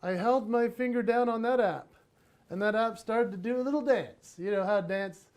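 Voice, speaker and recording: A man speaking at a parenting conference, telling animated stories from family life in a motivational talk. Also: high-pitched, moderate pace. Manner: animated, acts out voices in his stories.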